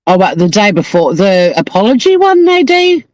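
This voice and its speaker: A man's voice: high voice, big pitch swings, normal speed, no room sound, poor audio. Profane, joking Australian man. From Tasmania, Australia. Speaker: livestream host. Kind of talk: casual live-stream chat. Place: outdoors on a coast.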